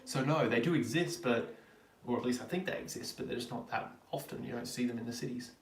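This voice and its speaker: A man's voice: medium pitch, quick pace, gravelly, distant mic. A young Australian man hosting a live Q&A stream, chatting casually as he answers viewer questions. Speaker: livestream host. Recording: roomy, from off the mic.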